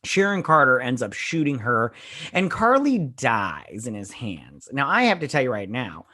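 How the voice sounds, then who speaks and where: A man's voice: medium pitch, big pitch swings, normal speed, pushed and bright. A man hosting a casual episode recap, rambling with lots of fillers and blunt opinions. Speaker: show host reviewing a TV episode.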